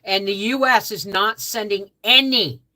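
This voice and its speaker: A woman's voice: mid-range voice, measured pace, sharp tone. A Canadian woman hosting a casual homestead livestream, greeting viewers by name in a chatty way, just out of bed. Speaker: livestream host.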